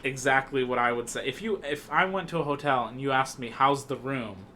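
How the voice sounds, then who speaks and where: A man co-hosts a casual podcast, talking through a film in a loose, rambling way full of fillers and restarts. His voice is bright and forward. Faint background noise sits under the talk. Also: mid-range voice, brisk. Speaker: podcast co-host. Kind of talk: casual film recap chat.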